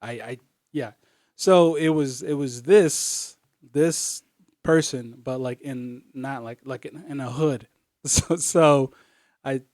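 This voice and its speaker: A young man from Virginia chats as a podcast guest, rambling through his stories with lots of filler words and quick laughs. His voice sits in an ordinary middle pitch, and it sounds close and dry with no room around it. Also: a little mellow, dry recording. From Virginia, USA. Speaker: comedian guest. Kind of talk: casual podcast chat.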